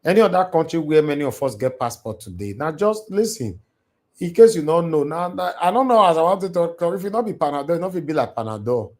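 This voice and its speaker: A man's voice: fairly high pitch, animated, fairly quick. A man with a Nigerian Pidgin English accent hosting a livestream from home, preaching passionately to his audience. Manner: preachy, impassioned, switches into Pidgin. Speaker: live stream host. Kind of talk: livestream monologue. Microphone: home livestream mic.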